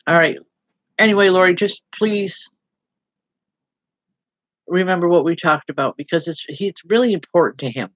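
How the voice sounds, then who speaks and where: A woman's voice: fairly low pitch, dry recording, highs cut off. Lady medium doing live readings, stops and restarts a lot, soothing, dead dry mic. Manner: halting, repeating words, gently reassuring. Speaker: spiritual medium. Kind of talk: live online psychic readings.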